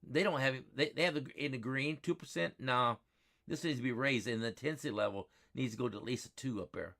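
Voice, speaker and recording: A man hosting a live weather stream, talking excitedly over radar maps and repeating himself as he rambles. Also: medium pitch, fast, vocal fry.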